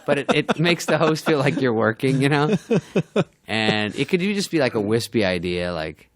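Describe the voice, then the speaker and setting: A middle-aged comedian appearing as a podcast guest tells comic stories in a casual chat, swearing, mimicking people and laughing along. His mid-range voice swings widely in pitch at a moderate pace.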